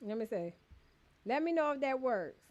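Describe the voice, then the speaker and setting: In a high, sing-song and slightly mellow voice, a woman streams a cozy decorating game at a moderate pace, with the recording's highs cut off. She casually greets and thanks viewers by name, teases them and laughs often.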